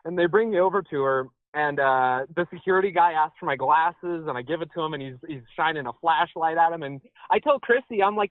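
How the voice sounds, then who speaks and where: A man calling in to a radio show over the phone, telling a story in a casual, animated way. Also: a little fast, few pauses, no room sound. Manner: animated, high-pitched, jumps up when quoting himself. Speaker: phone-in caller. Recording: tinny phone line.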